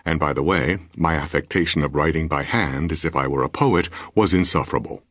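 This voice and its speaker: A man reading a novel aloud in a measured, wry first-person narration, on a close studio mic. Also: very deep voice, a bit bright, no echo. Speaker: audiobook narrator. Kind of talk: scripted narration. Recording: dry studio booth.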